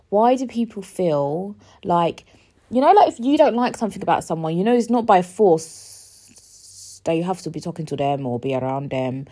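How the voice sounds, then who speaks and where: A young woman in her twenties, talking alone in a rambling, emotional way, often swearing and sometimes rising close to a shout. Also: mid-range voice. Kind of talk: casual solo monologue.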